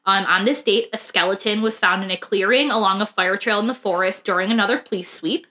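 A woman's voice: mid-range voice, brisk, bright, forceful tone. A woman hosting a true crime podcast, telling the case in a casual, chatty way with frequent "um" and "like" fillers. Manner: chatty, laughs often, fillers like "um" and "like".

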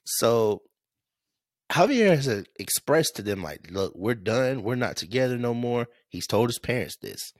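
A man's voice: medium pitch, unhurried, dry recording. Guy on a podcast telling a wild story, swears a lot, voice jumps all over, dry close mic. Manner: animated, profane, laughing, acts out quotes. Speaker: podcast host. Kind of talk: casual storytelling chat.

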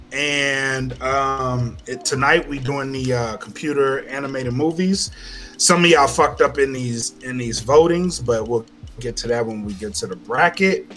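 A man hosting a casual podcast, ranting loudly with heavy swearing. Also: mid-range voice. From Louisiana. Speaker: podcast host. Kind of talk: casual chat.

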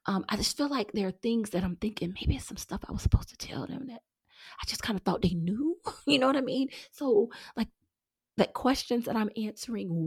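A middle-aged woman hosting her own show, talking earnestly and warmly to listeners she calls y'all, sometimes dropping to a breathy near-whisper. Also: lowish voice, dry recording, clean studio sound. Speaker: podcast host. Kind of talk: heartfelt casual monologue.

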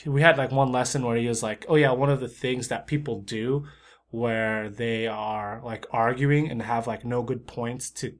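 A man's voice: medium pitch, steady tone, moderate pace. Rambling, teasing man on a podcast. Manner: rambling, teasing, laughs often. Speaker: podcast co-host. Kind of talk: casual chat.

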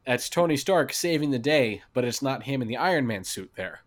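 A man's voice: medium pitch, lively intonation, a little fast. A man co-hosting a casual movie podcast, talking eagerly and restarting his sentences often. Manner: enthusiastic, restarts often, quotes lines. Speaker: podcast co-host. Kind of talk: casual film discussion.

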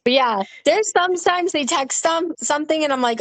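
A middle-aged woman co-hosting a podcast, chatting casually with a stream of "like" fillers and easy swearing. Her voice sits high and the sound is dry and close, with no room around it. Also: normal speed, hardly any pauses, dry recording. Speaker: podcast co-host. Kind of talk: casual chat.

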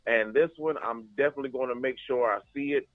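A man's voice: medium pitch, fast talker, no room sound. A man co-hosting a podcast, rambling through casual sports chat with restarts and fillers. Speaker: podcast co-host. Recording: tinny phone-like line.

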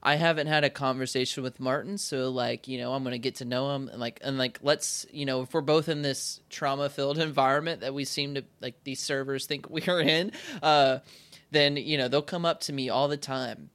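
A man's voice: medium pitch, steady tone, a little fast, a bit bright. Rambling young man in casual chat. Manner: rambling, full of restarts and "like", acts out quoted voices.

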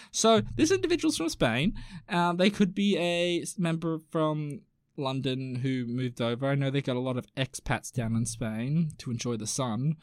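A man's voice: mid-range voice, a bit bright, dry recording, studio quality. A man hosting a podcast in a rambling, chatty way, reading out listener messages. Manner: rambling and chatty, full of fillers and asides. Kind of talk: casual chat.

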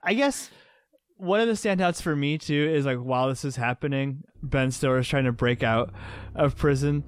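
A man's voice: mid-range voice, normal speed, clear, resonant tone, no echo, clean studio sound. A man co-hosting a casual podcast about a movie, laughing often as he talks. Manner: laughs often while talking. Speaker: podcast co-host.

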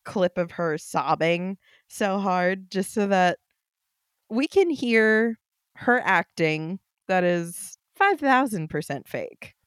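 A woman hosting a podcast, casually retelling a story to her co-host in a chatty, relaxed way with fillers. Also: mid-range voice, slow, clear, resonant tone, no echo, studio quality.

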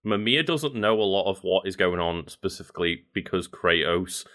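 Low-voiced man rambling on a podcast. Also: animated, moderate pace, a bit bright. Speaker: podcast co-host. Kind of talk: casual chat.

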